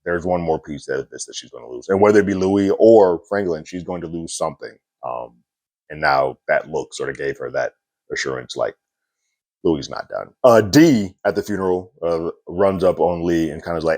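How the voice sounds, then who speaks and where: Brief: male reviewer, deep voice, dry close sound, chatty recap with fillers. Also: animated, moderate pace, darkish tone, no room sound. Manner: loose and conversational, frequent fillers and little laughs. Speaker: TV episode reviewer.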